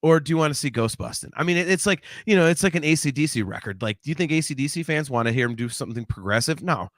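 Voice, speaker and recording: A man's voice: a little high, animated, quick pace, no room sound, clean studio sound. A man co-hosting a podcast, chatting casually about a movie, rambling with many fillers and restarts and laughing easily. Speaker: podcast co-host. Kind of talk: casual movie review chat.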